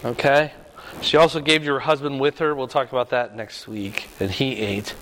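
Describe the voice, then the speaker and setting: A man leading a Bible study lesson in a relaxed, conversational way, often asking "right?" as he talks through the questions. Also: medium pitch, normal speed, big-room sound, a little hiss or hum, poor audio. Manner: conversational, frequent rhetorical "right?".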